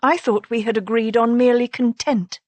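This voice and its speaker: Narrator doing an argumentative high-born Regency lady, raised and crisp, cool and haughty. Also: measured pace, no echo, natural voice. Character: sharp-tongued aristocratic Regency wife. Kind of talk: audiobook character voicing.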